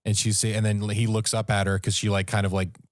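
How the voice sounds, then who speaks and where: A man, a podcast co-host, telling a story in casual, animated talk and raising his voice at the tense moments. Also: lowish voice, fast talker, dry recording, studio quality. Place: podcast studio.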